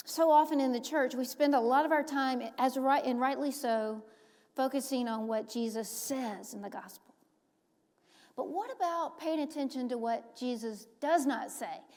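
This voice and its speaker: A woman pastor preaching a sermon, dropping to a hushed whisper on key phrases and rising to emphatic peaks. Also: sits high. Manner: emphatic, rising on stressed points. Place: church sanctuary. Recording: long church reverb.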